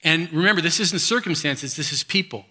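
Animated, bright-voiced male preacher. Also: on the high side, fairly quick. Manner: animated, laughing, swings between loud bursts and soft asides. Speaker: pastor. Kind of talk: sermon.

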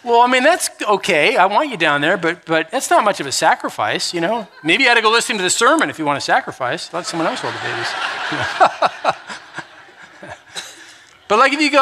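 A man preaching a sermon with a bright, forceful voice that sits a little high for a man. He tells stories with animated quoted voices. He swings between loud bursts and quiet, soft moments. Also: normal speed. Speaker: pastor.

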